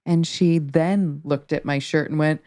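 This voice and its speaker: Female podcast host, low mellow voice, casual talker. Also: a little slow, no echo, clean studio sound. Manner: relaxed, storytelling. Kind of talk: casual conversation.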